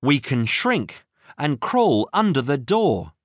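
A calm, sensible young boy in a children's storybook who speaks steadily and practically, as a reader puts him on. He is voiced close to the reader's own tone. The recording is dry and close. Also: medium pitch, slow pace, no echo. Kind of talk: children's audiobook reading.

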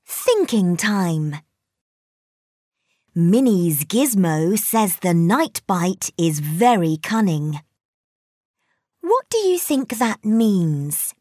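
A woman leading a children's reading lesson, speaking very slowly and clearly with a lively, rising and falling voice. She prompts and asks questions. The recording is close and dry. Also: medium pitch, no room sound. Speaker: reading guide.

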